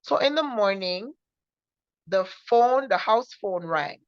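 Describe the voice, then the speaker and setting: A woman co-hosting a faith show, recounting her personal testimony in an earnest, halting way with many restarts. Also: medium pitch, animated, no room sound. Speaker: co-host sharing her testimony. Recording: dull, muffled sound.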